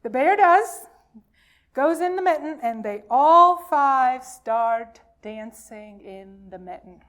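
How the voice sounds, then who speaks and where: A woman minister reads a folktale aloud to her congregation. Her voice sits high and moves at an unhurried pace. Her telling is lively and expressive. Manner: slow, expressive storytelling. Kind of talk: reading a folktale aloud in a worship service.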